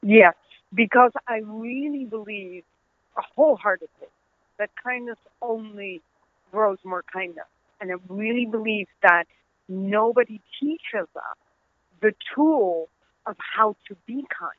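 A woman's voice: mid-range voice, unhurried, no room sound. A middle-aged woman with a Dutch accent, an author telling stories earnestly as an interview guest, laughing easily. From Netherlands. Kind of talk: conversational interview. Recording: tinny phone-line audio.

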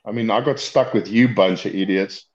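A man's voice: fairly low pitch, moderate pace. Rambling South African man, lo-fi sound. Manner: rambling, with restarts and laughs. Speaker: knifemaker guest. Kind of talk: casual chat over a call.

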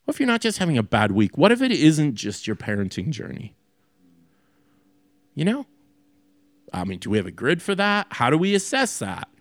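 A man's voice: on the high side, huge pitch swings, moderate pace, pauses often, dry recording. A man preaching a sermon as a pastor in a loose, conversational way, with many fillers and restarts.

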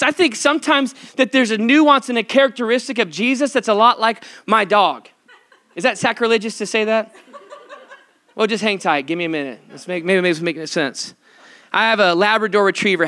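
Male pastor, conversational sermon, high and bright voice. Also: fairly quick. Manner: conversational, playful, emphatic.

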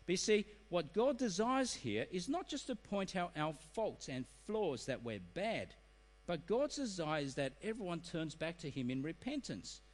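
A middle-aged man preaching a sermon, animated and acting out excuses in quoted voices. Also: sits high, normal speed. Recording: reverberant hall.

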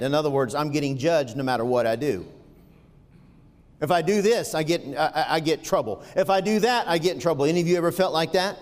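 A man preaching a sermon, firing rhetorical questions at the congregation and swinging from quiet asides to loud, fervent peaks. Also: on the high side, a little fast, in a large hall.

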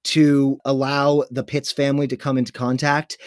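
A man's voice: mid-range voice, little pitch movement, moderate pace, no room sound. A man running a tabletop game, narrating scenes in a playful, chatty way. His voice is recorded close and dry, with no room sound. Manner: playful, chatty, laughs often. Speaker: game master.

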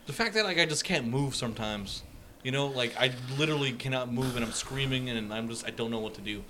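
A man in casual podcast chat, halting with fillers and quick to swear. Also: medium pitch, pushed and bright, slight background noise. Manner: halting, laughs easily, swears.

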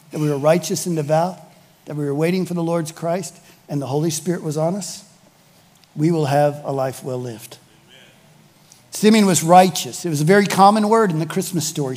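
Male pastor, high voice, emphatic sermon delivery, long church reverb. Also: darkish tone. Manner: emphatic, repeats key phrases for weight.

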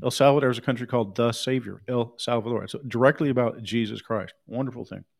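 A man's voice: medium pitch, fast talker, gravelly. A male preacher delivers a sermon with a mid-range voice. He talks in a casual, conversational tone, but he hammers his points home by repeating himself. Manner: emphatic, repetitive, conversational.

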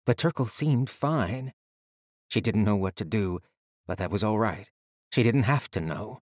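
A man reading an audiobook in measured, even storytelling narration. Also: on the low side, no room sound, studio quality.

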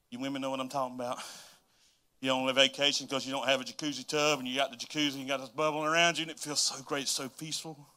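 A man preaching a casual, emotional sermon in a church, swinging from loud exclamations to soft asides. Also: mid-range voice, level tone, quick pace. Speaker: pastor. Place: church sanctuary.

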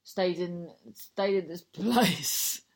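A woman's voice: fairly low pitch, drawn-out words. A young woman telling a rambling, sweary personal anecdote in a casual chat, breaking into laughter and digressions.

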